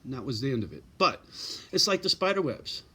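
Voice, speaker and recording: A man's voice: mid-range voice, sing-song, brisk, bright, forceful tone, breathy edge. A middle-aged man giving blunt, profane advice in a casual straight-talking monologue, often tagging lines with "right?" and "you know".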